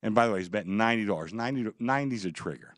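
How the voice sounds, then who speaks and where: A man's voice: on the low side, lively intonation, no echo, clean studio sound. A man who directs a sportsbook, speaking firmly and matter-of-factly as a guest. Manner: measured, firm, matter-of-fact. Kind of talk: radio guest interview.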